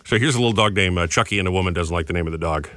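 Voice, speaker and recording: Brief: quick-talking male radio host, bright tone, dry close mic, upbeat and jokey. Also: sits low, no room sound. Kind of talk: morning radio chat.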